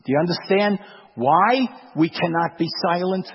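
High husky preacher guy, hushed then loud, dull echoey hall. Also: moderate pace. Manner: emphatic, swings from hushed to forceful, repeats phrases. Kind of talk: sermon. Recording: dull, long-reverb hall sound.

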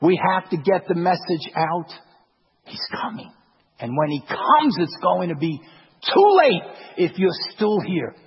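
Male preacher, emphatic sermon, husky voice, long hall reverb, dull muffled sound. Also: sits high, very animated, measured pace. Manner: emphatic, swings from hushed to forceful, repeats phrases.

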